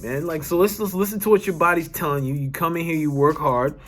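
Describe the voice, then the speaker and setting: A man's voice: on the high side, fairly even intonation, quick pace, a bit bright, faint music behind. A young adult man, a wellness coach, telling a personal story to camera in an earnest, emphatic way, restarting sentences and swearing now and then.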